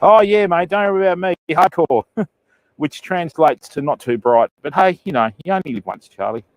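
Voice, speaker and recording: A man's voice: high voice, moderate pace, rough recording. Chatty Australian man streaming from a beach. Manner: chatty, greets viewers by name, calls them bud and mate. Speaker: fishing live streamer. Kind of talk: casual live stream chat. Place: remote beach at night, outdoors.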